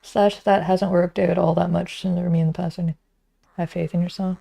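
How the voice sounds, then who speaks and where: A woman's voice: on the low side, flat delivery, moderate pace, vocal fry, mellow. A woman, talking to herself while streaming a frustrating game, muttering and sometimes whispering. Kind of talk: casual gameplay commentary.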